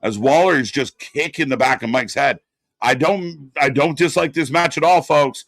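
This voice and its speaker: A man's voice: mid-range voice, normal speed, a bit bright, no room sound, studio quality. A man hosting a live wrestling watch-along stream, chatting casually and bluntly with plenty of swearing while answering chat. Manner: casual and profane, reads chat aloud.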